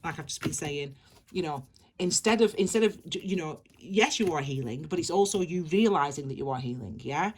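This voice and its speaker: A woman's voice: low voice, animated, normal speed, slightly rough. A woman giving a tarot reading, rambling and repeating herself as she gushes reassurance at her viewers. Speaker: tarot reader.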